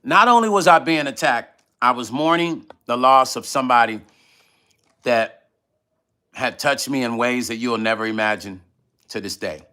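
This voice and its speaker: A man's voice: medium pitch, normal speed, pushed and bright. A middle-aged man hosting a casual livestream, reading out viewer comments and talking loosely, often repeating himself, while eating. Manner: loose, conversational, repeats himself when emotional. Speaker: livestream vlog host.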